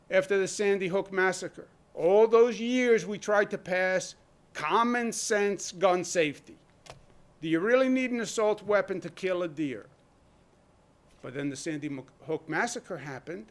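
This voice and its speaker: Emphatic New man, high voice. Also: expressive, measured pace. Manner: emphatic, rhetorical questions. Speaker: state governor. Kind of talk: press conference speech. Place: press room.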